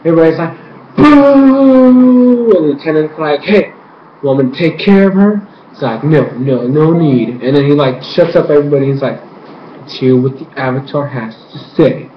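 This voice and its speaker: A young man giving an excited, rambling casual review, acting out characters' lines as he retells the story. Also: on the high side, brisk, a little hiss or hum. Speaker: YouTube reviewer. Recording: echoey room, dull lo-fi mic.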